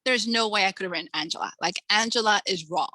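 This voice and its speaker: A woman in her forties, an author, chatting in an interview and acting out quotes from her stories with lively energy. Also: mid-range voice, fast talker, no echo, rough recording. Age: 40s. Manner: animated storyteller acting out quotes. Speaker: author, guest. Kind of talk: casual interview chat.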